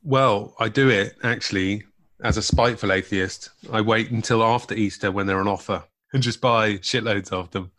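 A man with a West Country English accent, co-hosting a casual podcast chat with dry, deadpan humor. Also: fairly low pitch, normal speed. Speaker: podcast co-host.

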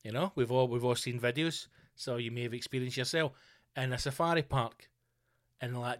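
A man hosting a podcast, telling stories in a profane, animated comic rant full of mock outrage. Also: mid-range voice, brisk. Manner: swears constantly, mock outrage. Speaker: podcast host. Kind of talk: comedic rant.

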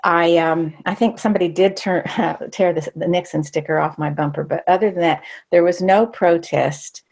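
An older woman recounting a memory from her own life, her voice low and touched with a gravelly fry. She talks candidly and reflectively, pausing and restarting as she recalls. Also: steady tone, darkish tone. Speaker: storyteller. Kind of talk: personal storytelling.

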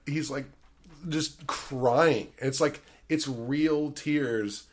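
A man's voice: mid-range voice, slow. Male podcast host, loose rambling delivery, heavy fillers, casual profanity. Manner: rambling, swears a lot, many fillers. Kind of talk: casual chat.

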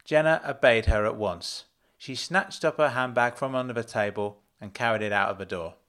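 A man reads a story aloud in a measured, even delivery. His voice sits at a mid pitch. Plain close sound. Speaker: narrator. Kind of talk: storytelling reading.

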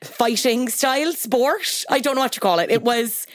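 A young Irish woman hosting a podcast, playful and quick to laugh as she riffs with her guest. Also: on the high side, no room sound, clean studio sound. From Ireland. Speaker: podcast host. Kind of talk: casual chat.

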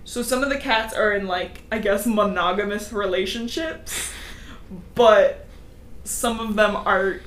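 A woman's voice: mid-range voice, fairly bright tone, a little hiss or hum. A woman co-hosting a podcast, casually recapping a book and briefly acting out the characters' lines. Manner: quick retelling with brief acted-out cat voices. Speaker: podcast co-host.

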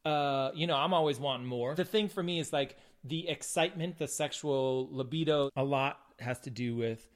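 A man in his late forties, about to turn fifty, talking openly in a relaxed couple's podcast. He's candid and good-humored and drops in wry asides. His voice has a middling pitch. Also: normal speed, hardly any pauses. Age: 40s. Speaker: podcast co-host, husband and father. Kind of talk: casual couple chat.

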